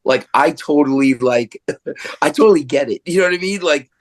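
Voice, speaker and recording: Rambling man with raised pitch. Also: moderate pace. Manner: opinionated, filler-heavy rambling. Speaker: podcast co-host. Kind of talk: casual sports chat.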